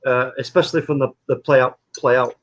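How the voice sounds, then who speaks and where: A man's voice: mid-range voice, fairly even intonation, brisk, highs cut off. A man giving his view on a football match, thinking aloud with stammering restarts. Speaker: watchalong guest. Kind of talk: casual football talk.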